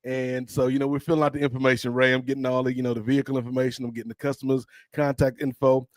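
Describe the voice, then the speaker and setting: A man's voice: mid-range voice, level tone, racing, dry recording. A man co-hosting a casual podcast, telling stories from his job and acting out the dialogue with lots of animation. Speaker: podcast co-host. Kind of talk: casual storytelling chat.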